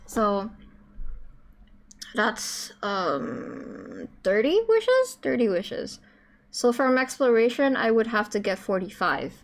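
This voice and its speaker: A woman live-streaming a game, chatting casually, with loud swearing outbursts and quiet muttered sums. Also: mid-range voice, slow, long pauses. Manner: excitable, loud outbursts and swearing, then muttering math to herself.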